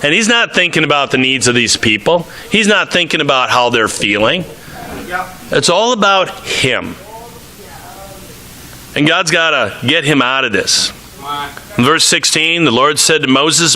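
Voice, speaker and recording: A man delivers a church sermon with a fairly high voice and a very bright, sharp edge to his tone. He reads scripture aloud and breaks into animated acted-out quotes as he preaches. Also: unhurried. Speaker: pastor.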